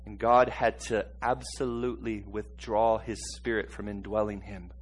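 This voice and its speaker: A man preaches with little pitch movement overall, yet swings between quiet, slow passages and loud, high outbursts. Frequent chuckles and repeat-after-me calls to the congregation fill the sermon, and a faint hiss or hum is audible.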